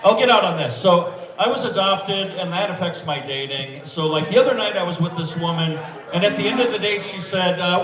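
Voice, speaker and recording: A man's fairly high voice carries a deadpan, self-deprecating stand-up delivery. He sounds echoey and a little distant from the mic, with a lively crowd laughing around him in a small club. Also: brisk. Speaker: stand-up comedian. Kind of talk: open-mic stand-up set. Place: small comedy club or bar.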